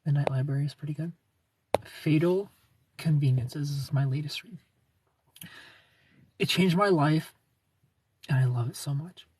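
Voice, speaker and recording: A man in his thirties chats casually on a livestream, answering viewers as he goes. His voice is husky and a bit breathy and sits a little higher than most men's. He rambles, restarts his sentences and chuckles often, and he sounds slightly back from the phone mic in a dry space. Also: unhurried, pauses often, a little mellow, distant mic.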